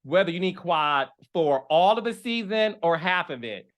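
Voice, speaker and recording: A man's voice: high voice, expressive, normal speed, fairly bright tone. A man hosting a podcast in casual commentary, talking in a sassy, emphatic way and often tagging his points with "okay?" and "honey". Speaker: podcast host.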